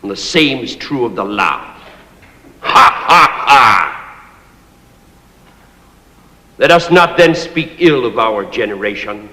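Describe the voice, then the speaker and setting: An actor playing a pompous, cruel old master who holds forth theatrically in a declamatory manner. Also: male voice, on the low side, expressive, moderate pace, fairly bright tone. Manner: grandiose, mocking, declamatory. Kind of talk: stage play performance. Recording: echoey hall with long reverb.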